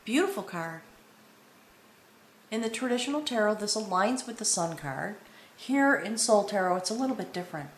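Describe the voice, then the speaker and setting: A woman's voice: mid-range voice, animated, normal speed, slight background noise. A woman giving a spoken tarot reading to viewers. She talks in a meandering, earnest way, often checking in with "okay?", and sounds a little choked up with emotion. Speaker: tarot reader. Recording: echoey room with faint ambience.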